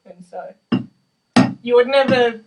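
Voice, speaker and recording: A woman's voice: on the high side, slow, loud music behind the voice. Young female percussion student, self-deprecating chatter, recorded far off with drums behind. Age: young adult. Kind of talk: casual practice demonstration. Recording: distant mic with drumming behind.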